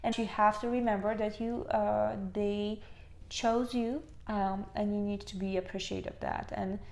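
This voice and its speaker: A woman co-hosting a casual chat over wine, giving business advice in a relaxed way. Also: mid-range voice, normal speed, creaky. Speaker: small business owner, co-host.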